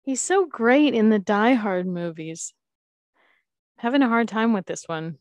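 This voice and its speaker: A woman's voice: medium pitch, expressive, unhurried, dry recording. A woman co-hosting a podcast in casual chat, giggly and rambling, swearing freely. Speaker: podcast co-host.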